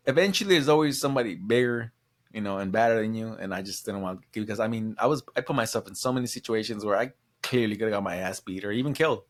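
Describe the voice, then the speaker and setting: A man co-hosting a podcast, talking casually and reflectively, with frequent pauses and filler words. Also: on the low side. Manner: reflective, halting with fillers like "you know". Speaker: podcast co-host. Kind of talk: casual chat.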